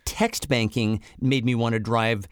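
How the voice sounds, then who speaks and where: A man co-hosting a casual chat, telling a story in a wry, animated way. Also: mid-range voice, measured pace, clear, resonant tone, no echo, studio quality. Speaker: podcast co-host.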